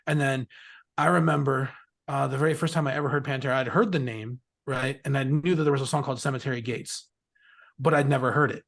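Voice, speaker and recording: A man's voice: mid-range voice, fairly even intonation, fast, creaky, a bit bright. A middle-aged man telling stories in a rambling, casual way as an interview guest, swearing freely and laughing often. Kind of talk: casual storytelling.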